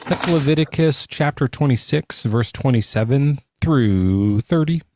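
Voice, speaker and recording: A man co-hosting a casual live podcast chat, joking crudely and talking in an animated way. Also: mid-range voice, a little slow, dry recording, studio quality. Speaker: podcast co-host.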